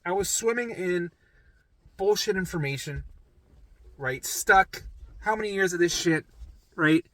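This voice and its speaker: A middle-aged man telling his own story in a rambling, profane, animated way, often asking "right?" and jumping into acted voices. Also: measured pace, dry recording. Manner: acts out his own past voices in sudden pitch jumps. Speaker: vlogger sharing his recovery story. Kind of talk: casual storytelling monologue.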